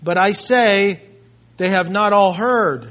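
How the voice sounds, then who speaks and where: A man preaching an expository sermon, reading scripture aloud and explaining it with emphatic swings between loud and hushed delivery. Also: sits high, slow. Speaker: pastor. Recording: muffled, dull lo-fi sound.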